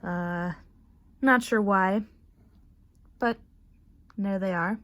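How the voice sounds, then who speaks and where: A woman's voice: medium pitch, drawn-out words, fairly bright tone, no room sound. A young woman in casual chat, rambling and unsure with many fillers as she shows her sketchbook. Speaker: artist showing her sketchbook.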